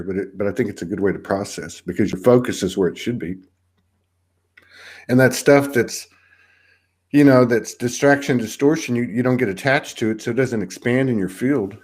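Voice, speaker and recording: A man hosting a casual live online chat over a video call, talking in a rambling, reflective way with many restarts. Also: fairly low pitch. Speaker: host.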